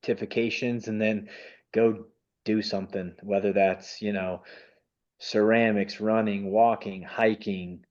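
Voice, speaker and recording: A man's voice: lowish voice, flat delivery, measured pace, darkish tone, lo-fi sound. A man who stutters, speaking as a webinar panelist in a casual panel discussion over a video call. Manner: stutters, with repeated sounds and restarts.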